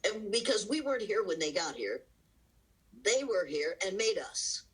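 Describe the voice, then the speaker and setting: Joining an interview by video call with poor audio, a diversity educator gives impassioned, emphatic answers. She presses her points with rhetorical questions and laughs between them, her mid-range voice breathy-edged, at normal speed with big pitch swings.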